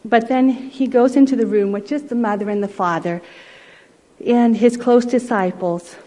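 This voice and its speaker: Woman preacher telling a story softly. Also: on the high side, normal speed, poor audio. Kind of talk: sermon storytelling.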